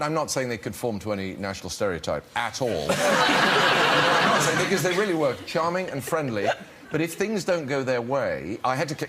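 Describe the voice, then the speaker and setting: Actor telling halting anecdotes. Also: male voice, mid-range voice, a little hiss or hum. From England. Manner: self-deprecating, halting storyteller. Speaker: guest actor. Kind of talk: anecdotal talk show chat. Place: TV studio. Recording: TV studio with loud audience.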